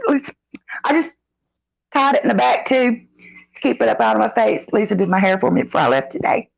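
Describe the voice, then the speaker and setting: A middle-aged woman chatting casually on a live stream, reading out the live chat and greeting viewers by name in a folksy, drawn-out way. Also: a little high, animated, creaky, lo-fi sound.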